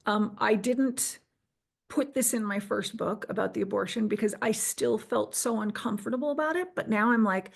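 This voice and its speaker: Middle-aged woman guest, higher voice with a gravelly fry, recounting her experience earnestly. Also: moderate pace. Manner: earnest, restarts and quotes herself. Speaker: interview guest. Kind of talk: personal storytelling.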